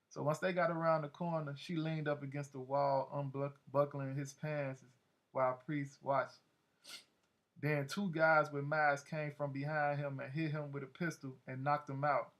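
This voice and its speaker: A man's voice: on the high side, flat delivery, a little slow, fairly bright tone, poor audio. A man narrating a story in a loose, slangy, conversational way. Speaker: audiobook narrator.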